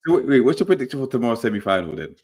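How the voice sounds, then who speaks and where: A man's voice: medium pitch, sing-song, very fast, a little mellow, slightly rough. A young man hosting a casual football podcast, telling stories in a laid-back, laughing way. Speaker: podcast host. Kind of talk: casual football chat and storytelling.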